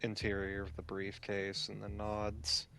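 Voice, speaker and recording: Guy running a tabletop game, low voice, takes his time, soft music under it. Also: completely flat delivery, unhurried, a little hiss or hum. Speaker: storyteller.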